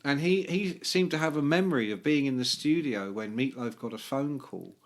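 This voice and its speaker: A man's voice: medium pitch, moderate pace. A middle-aged man co-hosting a podcast, chatting casually and teasing his partner with prodding questions. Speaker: podcast co-host. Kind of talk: casual chat.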